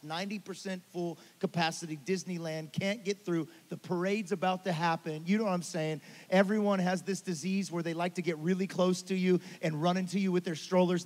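A man preaching a sermon, telling a story and swinging from hushed asides to loud, urgent passages. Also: high voice, big-room sound. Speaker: pastor.

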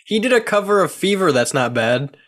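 A young adult man, a guest DJ in a casual chat, talking in a relaxed, self-mocking way. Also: high voice, a little fast.

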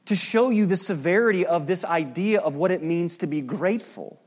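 A man preaching a sermon as pastor. He talks conversationally, drops in joking asides, and moves between loud emphasis and hushed, solemn passages. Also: high voice, animated, normal speed, few pauses.

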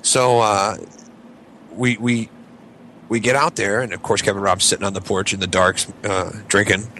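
A man's voice: moderate pace, a little hiss or hum. A man telling a long story on a podcast, acting out his friends' lines. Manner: animated, acts out quoted friends in high voices. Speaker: podcast co-host. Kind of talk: casual storytelling.

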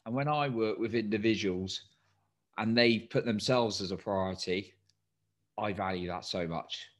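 A man's voice: on the low side, normal speed. A man coaching listeners in a motivational solo talk, tired, encouraging and asking many direct questions. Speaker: coach and podcast host.

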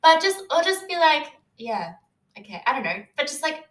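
Young woman, slightly high voice, casual recap chatter full of "like" and quoted lines, roomy echo. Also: sing-song, moderate pace, fairly bright tone. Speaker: co-host of a TV recap chat. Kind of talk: casual chat. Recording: echoey room.

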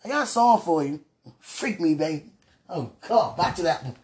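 A woman's voice: on the low side, expressive, brisk, a little mellow, husky. A woman, praying aloud in a fervent, pleading, rambling way and laughing between phrases. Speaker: religious speaker. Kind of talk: emotional spoken prayer.

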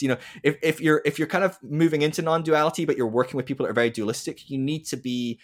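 A man's voice: on the high side, quick pace, hardly any pauses. A man in casual conversation who tells stories and acts out the people in them, with frequent restarts and tag questions. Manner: animated, acts out quoted voices, frequent restarts and "right?".

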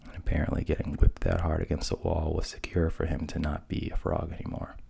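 A man narrating a fairy tale softly, at times dropping to a whisper. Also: very deep voice, level tone, fairly quick, gravelly, breathy edge. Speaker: storyteller.

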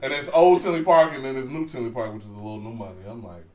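A man's voice: medium pitch, racing, crowd noise. A young man from the suburbs, telling school stories expressively in casual banter. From Chicago suburbs. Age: young adult. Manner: bright, expressive storyteller, laughs through stories.

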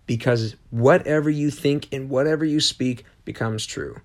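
A man hosts his own motivational podcast at an ordinary middle pitch, with a gravelly fry running through his voice. He talks earnestly and rambles, often restarting a thought. He keeps coming back to short, emphatic self-affirmations. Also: moderate pace, hardly any pauses. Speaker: podcast host. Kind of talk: motivational solo podcast talk.

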